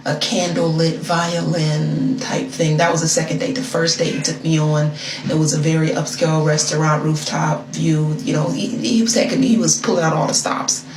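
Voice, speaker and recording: A woman from the United States telling a story in a gossipy, confiding way, as if to a friend, in an echoey, noisy recording. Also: low-pitched. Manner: gossipy, confiding, addresses listener as "girl". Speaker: storyteller on a social video. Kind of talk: casual storytelling. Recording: echoey room with loud noise.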